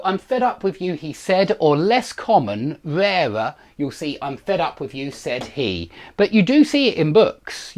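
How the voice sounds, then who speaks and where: Lively male English grammar teacher. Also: a little high. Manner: lively, explanatory, reads example sentences aloud; many fillers and self-corrections. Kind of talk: live online grammar lesson.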